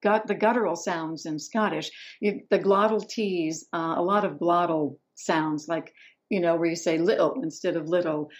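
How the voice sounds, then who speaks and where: A woman from the Ozarks, an audiobook narrator, answering interview questions in a measured, explanatory way. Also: fairly low pitch, steady tone, highs cut off. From the Ozarks, southern United States. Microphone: remote call on video.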